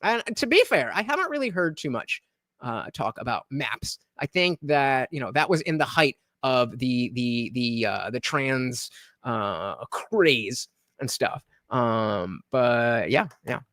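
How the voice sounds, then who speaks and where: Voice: mid-range voice, very animated, slow, fairly bright tone, dry recording. A live-stream host giving sarcastic commentary on clips and thanking viewers for donations.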